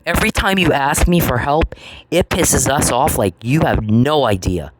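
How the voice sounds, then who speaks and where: A man's voice: medium pitch, animated, normal speed. A man delivering an angry solo monologue, confrontational and profane, repeating phrases for emphasis. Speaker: channel host. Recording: noisy recording with clicks.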